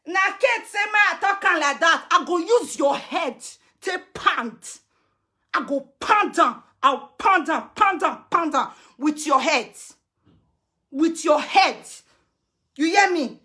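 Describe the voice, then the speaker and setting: A high-pitched Nigerian woman rants confrontationally into her camera, switching between English, Pidgin and chanted lines. Her voice is bright and piercing, and she hammers her points with repetition. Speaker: social media personality. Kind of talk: ranting social media video.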